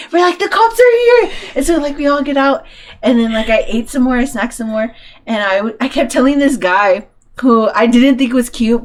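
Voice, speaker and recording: A woman podcast co-host telling a funny story in casual chat, animated and laughing often. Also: fairly high pitch.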